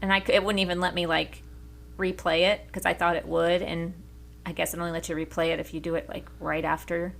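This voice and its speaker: Bright-voiced chatty woman, casual podcast. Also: on the low side, fast talker, creaky. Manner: chatty, animated storytelling, laughs easily. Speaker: podcast co-host.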